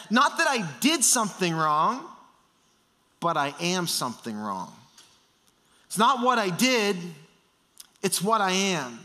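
Bright-voiced man preaching a sermon. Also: sits high. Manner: earnest, building emphasis with repeated phrases. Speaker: pastor.

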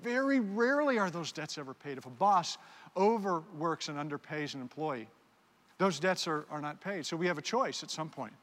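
Fairly high-pitched and a bit bright, this man speaks at a moderate pace with lively intonation. He's a pastor delivering a sermon built around an audience-participation skit, energetically guiding volunteers on stage, all captured with long hall reverb.

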